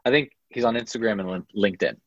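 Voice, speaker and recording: A man from Staten Island co-hosting a podcast, trading quick, joking banter. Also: medium pitch, lo-fi sound. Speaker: podcast co-host. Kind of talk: casual podcast chat.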